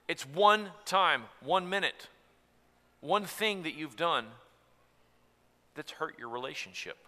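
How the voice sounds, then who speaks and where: A man preaches in an earnest style, dropping to a hush and then rising again. His voice is bright and sits a bit high. It rings with the long reverb of a big hall. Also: creaky. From Tennessee. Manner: earnest, swings from soft to loud. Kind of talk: sermon on marriage.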